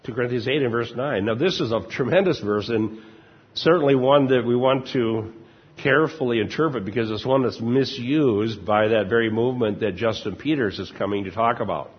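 An older man preaching a conversational sermon with a husky voice, informal and chuckling often. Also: mid-range voice, brisk. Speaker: pastor. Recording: dull lo-fi recording, long church reverb.

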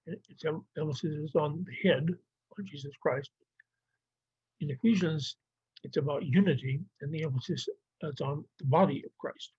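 A man's voice: on the high side, normal speed, a little mellow, slightly rough, no echo. A man teaching a Bible survey lesson, explaining plainly with some fillers and restarts. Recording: dry, muffled lo-fi recording.

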